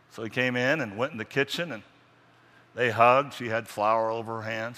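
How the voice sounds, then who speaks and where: Male preacher, dramatic storyteller, bright forceful tone, hall reverb. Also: mid-range voice. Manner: dramatic, slowing and dropping for emphasis. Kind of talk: sermon storytelling. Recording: long reverb in a large hall.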